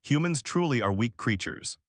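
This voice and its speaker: A man reading out a cruel fire demon who sneers and taunts his victims. The lines come in a lively, swinging storybook delivery. The recording is close and dry. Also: medium pitch, normal speed, dry recording, natural voice. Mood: sneering. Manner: mocking, sneering.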